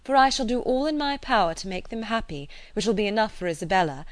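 Lively teasing young lady, animated, read by a woman. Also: medium pitch, quick pace, no room sound, lightly acted.

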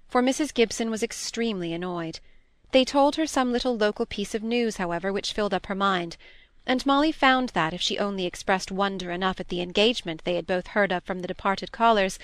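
A woman narrates a classic novel in an even, measured voice of middling pitch. The recording is dry and close, with no room sound. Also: clear, resonant tone, dry recording. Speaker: audiobook reader.

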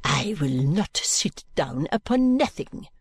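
A man's voice: fairly high pitch, big pitch swings, slow pace, husky, no echo, exaggerated voice. A man putting on a furious maid. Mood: defiant. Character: fiery young French lady's maid, furious and scornful.

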